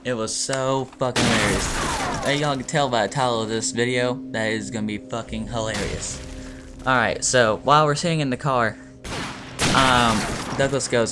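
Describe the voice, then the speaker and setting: A man's voice: medium pitch, normal speed, over music. A man casually telling a story over gameplay, rambling with lots of fillers and swearing. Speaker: gaming video storyteller. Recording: loud game gunfire behind. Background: video game gunfire.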